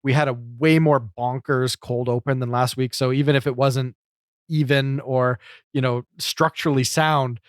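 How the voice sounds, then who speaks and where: A man's voice: mid-range voice, fairly even intonation, moderate pace, no room sound, studio quality. A man co-hosting a podcast, chatting casually and analytically about a comedy show, with plenty of fillers. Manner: talkative, analytical, many fillers. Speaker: podcast co-host.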